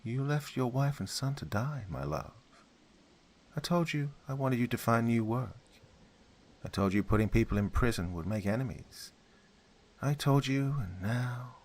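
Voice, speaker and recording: A man voicing a wife in a spoken story, raising his voice into a soft, sweet tone. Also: mid-range voice, normal speed, pitched above the performer's own voice, close to an everyday voice. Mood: sweet, bitter. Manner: soft and sweet turning accusing.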